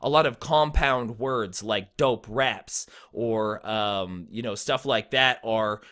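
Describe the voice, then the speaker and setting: A man's voice: lowish voice, takes it slowly, fairly bright tone. A young man teaching rap flow in a laid-back, blunt way, with frequent ums. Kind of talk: casual explainer video.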